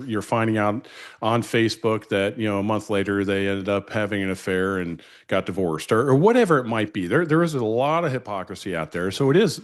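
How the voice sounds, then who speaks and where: An earnest man hosts a relaxed podcast conversation about faith. His voice sits fairly low, and he reels off quoted verses quickly. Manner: earnest, quotes scripture at a brisk read. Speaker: podcast host. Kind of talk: casual conversation.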